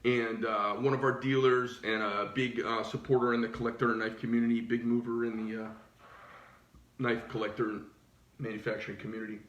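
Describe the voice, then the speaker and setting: A middle-aged man who owns a knife shop goes on a casual rant in a mid-range voice, speaking a little fast on a roomy recording with the highs cut off. He's animated and profane, rambling and restarting his sentences often.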